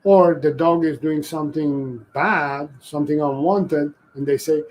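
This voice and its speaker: Slow-spoken man giving dog training advice. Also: fairly high pitch, darkish tone, a little hiss or hum, low-quality recording. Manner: slow, deliberate explaining with frequent restarts. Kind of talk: live-stream training advice and Q&A.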